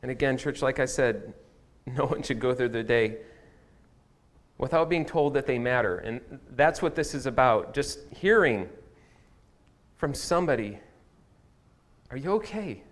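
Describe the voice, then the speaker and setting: Male pastor, mid-pitch, candid storyteller in a church sermon. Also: a little slow. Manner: candid, personal storytelling, self-deprecating. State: tearful at times. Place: church sanctuary.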